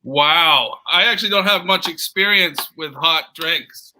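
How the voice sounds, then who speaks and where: A man from Canada, a comedy writer and stand-up, making wry, quick jokes over a video call. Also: on the high side, sharp tone, a little hiss or hum, rough recording. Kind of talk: jokey panel banter.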